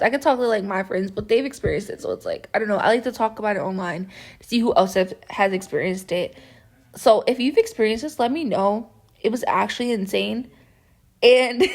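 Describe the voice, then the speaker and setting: A woman's voice: mid-range voice, creaky. A young woman vlogger chatting casually through a story time, meandering and saying "like" constantly. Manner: chatty and meandering, heavy use of "like".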